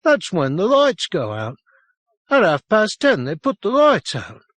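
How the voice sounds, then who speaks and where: A man's voice: high voice, wildly swooping pitch, a little slow, fairly bright tone, no echo, voice pushed up, exaggerated voice. A man reading an audiobook, voicing a frightened, tearful lost boy in a raised, urgent voice. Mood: insistent. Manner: urgent, insistent.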